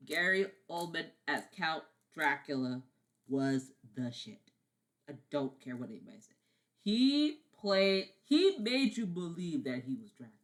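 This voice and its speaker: Excitable rambling vlogger, bright lively voice. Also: mid-range voice. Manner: rambling, excitable, repeats words, keeps apologizing; swears casually. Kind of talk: casual film-review vlog.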